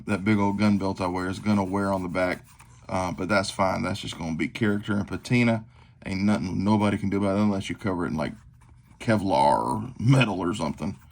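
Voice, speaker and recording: Gravelly man showing off gear. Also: fairly low pitch. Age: 40s. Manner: rambling, self-deprecating, filler-heavy. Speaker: knife collector vlogger. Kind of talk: casual show-and-tell. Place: tabletop at home.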